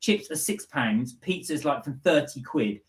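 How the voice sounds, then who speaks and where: A man's voice: medium pitch, lively intonation, a little slow, reverberant. A man co-hosting a casual live stream from home, chatty and laughing often as he reads out viewer comments. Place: home, indoors.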